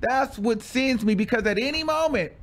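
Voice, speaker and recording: A man's voice: extremely high pitch, normal speed, a bit bright. A man telling a personal story in casual story-time style, dramatic and full of exclamations.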